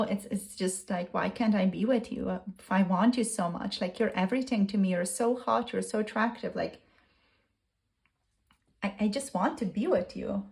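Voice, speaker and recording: A woman's voice: medium pitch, darkish tone. Earnest woman channeling a tarot message. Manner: earnest, repetitive, gushing. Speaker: tarot reader.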